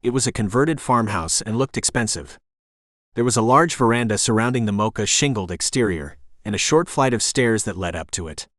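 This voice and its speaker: A man narrating an audiobook in the first person, in a steady, measured scripted reading on a close mic. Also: on the low side, no echo.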